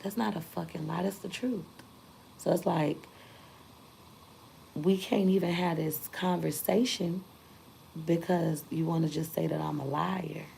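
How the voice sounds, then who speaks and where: A woman's voice: fairly low pitch, steady tone, a little slow, gravelly, long pauses, warm tone, slight background noise, low-quality recording. A young woman, telling her story candidly and emphatically to her viewers in a casual vlog. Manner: candid, emphatic, repeats points for force. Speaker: vlogger.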